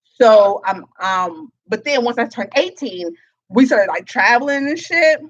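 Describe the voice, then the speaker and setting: A young woman co-hosting a casual gossip chat, loud and animated, swearing and laughing often. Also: on the high side, measured pace, highs cut off. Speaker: co-host.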